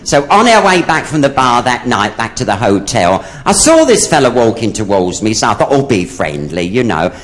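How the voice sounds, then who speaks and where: A drag comedian on stage, a man telling camp, gossipy stories. His pitch leaps all over the place as he swings between chatty narration and sudden punchlines. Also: wildly swooping pitch, moderate pace, hardly any pauses, fairly bright tone. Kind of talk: stand-up comedy storytelling.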